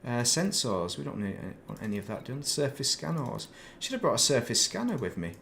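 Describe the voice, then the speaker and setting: A man's voice: medium pitch, sing-song, brisk, creaky, a bit bright, a little hiss or hum. Rambling man streaming a game. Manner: rambling, chatty, self-deprecating asides. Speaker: gaming streamer. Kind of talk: casual live-stream chat while playing.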